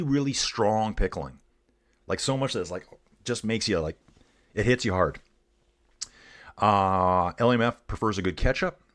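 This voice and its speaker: Chatty, excitable man on a live race stream. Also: on the low side. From Canada. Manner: chatty and excitable, talks to viewers as dudes. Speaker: host of a cycling live stream. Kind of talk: casual live race commentary and chat.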